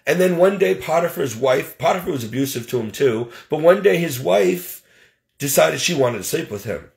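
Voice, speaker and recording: Gravelly-voiced man venting about caregiving. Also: fairly high pitch, expressive, moderate pace. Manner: heated, religious, aggrieved storytelling. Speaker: professional caregiver. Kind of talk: emotional personal vent.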